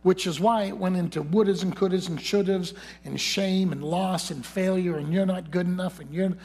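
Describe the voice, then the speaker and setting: A man preaching with a fairly high, gravelly, husky voice. He tells a confessional story from the pulpit and often sinks to a hushed, near-whispered delivery. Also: steady tone, normal speed. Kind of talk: sermon.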